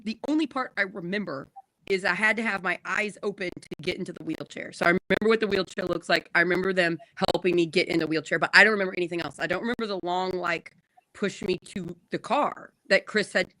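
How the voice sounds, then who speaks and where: A woman in her thirties telling an embarrassing personal story in a casual chat, animated and laughing often. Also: medium pitch, no echo, low-quality recording. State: recovering from surgery. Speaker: podcast co-host.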